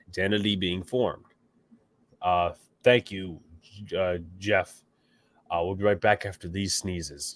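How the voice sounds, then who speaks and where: A man with a low, somewhat bright voice hosts a casual sports podcast. Stuffy-nosed, opinionated and rambling, this podcast host reacts to chat comments.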